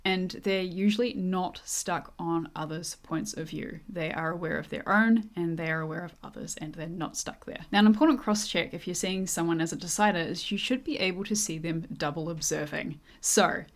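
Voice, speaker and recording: A woman's voice: fairly low pitch, normal speed, hardly any pauses. A woman co-hosting a personality class, explaining definitions step by step in a lesson style. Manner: methodical, lays out definitions step by step. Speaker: co-host teaching personality typing.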